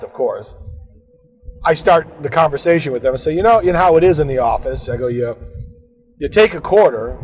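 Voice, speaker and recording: A man's voice: medium pitch, darkish tone, in a large hall, slight background noise, poor audio. A man telling a rambling comic story about himself, scolding himself and swearing as the rants build. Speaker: podcast co-host telling a story.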